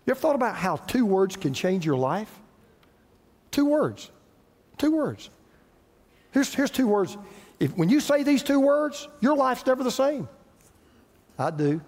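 High lively-voiced preacher in a big hall. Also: male voice. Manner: preaching with dramatic pauses and repetition. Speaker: pastor. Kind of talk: sermon.

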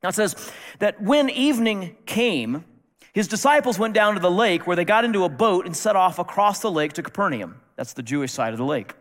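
A man's voice: high voice, animated, a little fast, fairly bright tone. Male preacher, conversational and wry, longish reverb of a large room. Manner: casual, wry asides, repeats words when restarting. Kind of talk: conversational sermon. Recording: long reverb of a large hall.

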